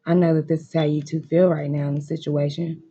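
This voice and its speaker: With a mid-range, flat, brisk voice and a dark tone, this tarot reader does a card reading in a home room, speaking right to viewers. The delivery is emotionally intense and emphatic, full of repeated encouragement and plenty of swearing. Audio is lo-fi with slight background noise.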